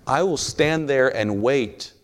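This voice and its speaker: A man's voice: medium pitch, takes it slowly. A man preaching a sermon in a folksy, storytelling way, joking with the congregation.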